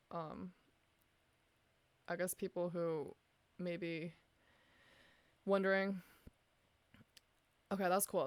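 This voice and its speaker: A woman chess streamer thinking aloud as she analyzes her games, asking herself questions and poking fun at her own mistakes. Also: lowish voice. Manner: muses aloud, asks herself questions, self-deprecating.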